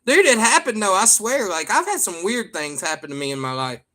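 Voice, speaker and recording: A man's voice: high voice, very animated, brisk, sharp tone. Brief Southern-accented man rambling casually. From Michigan. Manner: drawling, joking, trailing off with ums. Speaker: streamer and father. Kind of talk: casual rambling chat to viewers.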